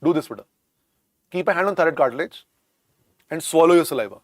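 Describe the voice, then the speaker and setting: In a clean studio recording with no room sound, an Indian-accented man lectures a medical exam class, talking fast and expressively in a slightly high voice. He repeats every term over and over, slips in Hindi, and addresses students as "beta."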